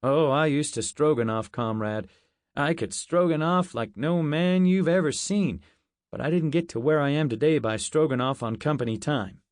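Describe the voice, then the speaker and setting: A man voicing a smug, scheming American commander with an American accent, speaking in a smooth, sly way. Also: on the high side, normal speed, no room sound, studio quality, voice pushed up, lightly acted.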